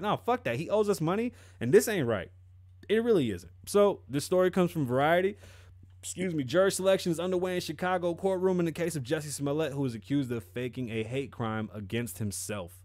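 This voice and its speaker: A man's voice: medium pitch, darkish tone, no echo, studio quality. A man giving profane, sarcastic commentary on a news story. He mocks the story and fires off rhetorical questions. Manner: mocking, rhetorical questions, breaks off to laugh. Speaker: commentary vlogger.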